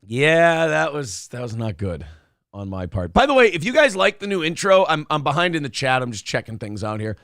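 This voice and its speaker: Speaking slightly fast with a fairly high pitch, a middle-aged man co-hosts a laid-back podcast, telling spirited stories full of swearing. The sound is dry and studio quality.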